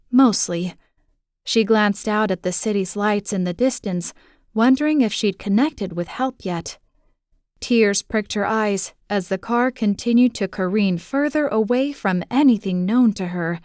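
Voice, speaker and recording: A woman narrating a romantic suspense audiobook in a measured, steady storytelling manner on a close studio mic. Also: mid-range voice, no room sound.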